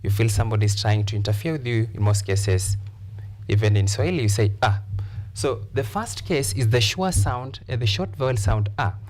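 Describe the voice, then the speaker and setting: A man teaching a pronunciation lesson, repeating each word slowly and deliberately for emphasis. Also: on the low side, darkish tone. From Kenya.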